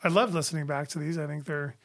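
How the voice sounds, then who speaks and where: A man's voice: a little high, steady tone, quick pace, creaky, fairly bright tone. Easygoing hesitant man co-host. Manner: easygoing, hesitant, many fillers. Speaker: podcast co-host. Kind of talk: casual chat.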